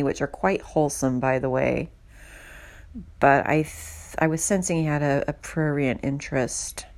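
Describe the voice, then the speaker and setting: Woman, podcast host, low voice, gravelly, unhurried, candid, self-deprecating. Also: darkish tone. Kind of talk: casual podcast monologue.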